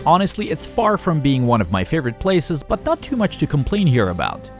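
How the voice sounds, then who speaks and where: A man's voice: a little high, wildly swooping pitch, brisk, music in the background. A young adult man narrating his touring vlog in a dry, matter-of-fact voice-over with wry humor. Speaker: touring drummer and vlogger.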